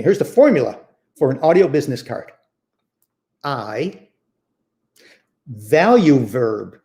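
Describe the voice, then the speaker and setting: A man's voice: mid-range voice, vocal fry, dark tone. A man giving a step-by-step lesson on real estate investing, repeating key phrases as he teaches. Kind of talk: instructional talk.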